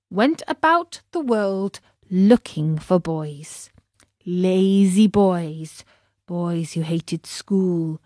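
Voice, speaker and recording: Slow-reading woman storyteller. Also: medium pitch, dry recording, studio quality. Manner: gentle, addressing young listeners. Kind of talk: scripted narration of a children's story.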